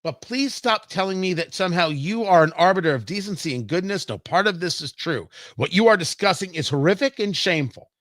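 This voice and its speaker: A man's voice: high-pitched, animated, brisk, hardly any pauses, a bit bright, dry recording, studio quality. A man hosting a political talk show, talking in a combative, emphatic way.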